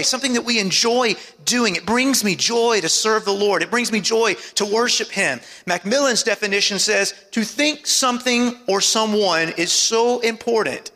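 A man preaching a sermon as pastor, calling out to the congregation for amens and dropping his voice low for emphasis. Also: bright, forceful tone, long reverb tail. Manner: preaching with call-and-response asides and dramatic drops in pitch.

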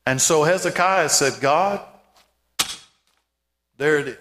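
A man preaching a sermon as pastor, emphatic, with repeated calls and rising shouts. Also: on the high side, takes it slowly, long pauses, big-room sound.

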